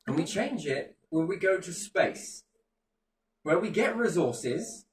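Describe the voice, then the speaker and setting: This high, lively voice belongs to a man from Britain who talks slowly while launching into sweary, impassioned rants over casual conversation. His accent is British English, and the room is echoey with a far-off microphone and faint background ambience.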